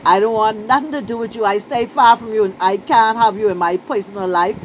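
A woman's voice: medium pitch, a little fast, a little hiss or hum, rough recording. A middle-aged Bahamian woman with a Bahamian accent, telling a story to camera in a casual vlog and repeating phrases for emphasis. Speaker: vlogger and poet.

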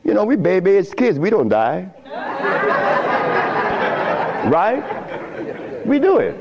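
A man giving an informal, animated talk to an audience, telling stories in loose, nonstandard grammar. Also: high-pitched, unhurried, over a noisy crowd. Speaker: speaker addressing an audience. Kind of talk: informal lecture with anecdotes. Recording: dull lo-fi recording.

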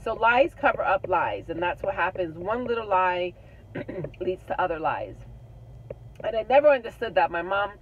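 A woman's voice: lowish voice, lively intonation, normal speed. A middle-aged woman telling a personal story in a casual vlog, candid and chatty, with many ums and restarts. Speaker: vlogger. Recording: tinny phone-like audio with clear road noise.

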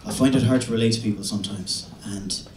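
A young man from the west of Ireland with an Irish accent, doing a stand-up set in a halting, deadpan way with many restarts. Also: on the low side, slight background noise. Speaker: stand-up comedian. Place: comedy venue stage. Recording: roomy venue recording from a distance.

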